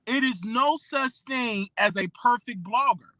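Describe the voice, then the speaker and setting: Emphatic blogger in their thirties, bright voice. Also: medium pitch, measured pace, no room sound. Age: 30s. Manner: emphatic, repeats "okay?" and "you know what I'm saying". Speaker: blogger and show host. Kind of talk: solo commentary vlog.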